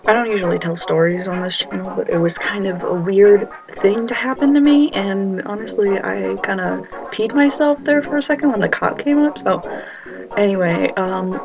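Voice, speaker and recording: A young woman vlogger telling a story to camera in a casual, animated way, acting out the voices of the people she quotes. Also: mid-range voice, normal speed, creaky, dull audio. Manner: animated, acts out quoted voices, nervous humor.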